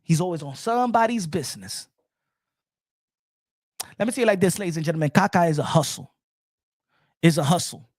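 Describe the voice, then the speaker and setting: A man's voice: on the high side, animated, a little fast, pauses often, no room sound. Emphatic boxing commentator man, dry sound. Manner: emphatic, repetitive, asks the chat and answers himself. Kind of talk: animated solo commentary to viewers.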